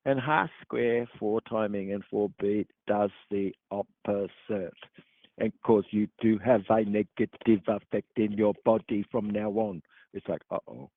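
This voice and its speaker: A man hosting a show, explaining at length in a halting, rambling way with many fillers. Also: on the low side, fairly even intonation, dry recording. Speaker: podcast host. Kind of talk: meandering explanatory monologue. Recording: dry tinny phone-like sound.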